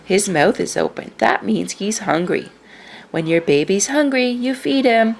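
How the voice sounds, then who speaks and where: A woman's voice: medium pitch, a little slow, gravelly. A woman voicing a father bird in a storybook, speaking in a reassuring, matter-of-fact manner. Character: cheerful, steady father bird.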